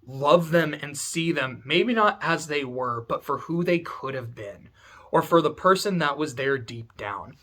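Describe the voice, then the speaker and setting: A video essay host talks through a story from a room at home, in casual, rambling commentary packed with "like," other fillers and swearing. His voice is on the high side, animated and sharp, and a little slow.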